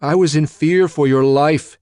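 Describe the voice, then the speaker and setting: A man's voice: on the low side, expressive, moderate pace, darkish tone, dry recording, clean studio sound, voice pushed up. A man voicing an anxious, protective father who pleads and defends himself. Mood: defensive.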